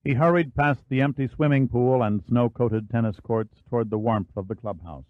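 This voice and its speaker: A man narrating a thriller audiobook in a measured, even storytelling manner. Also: mid-range voice, no echo. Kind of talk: scripted narration. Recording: dry, phone-like narrow band.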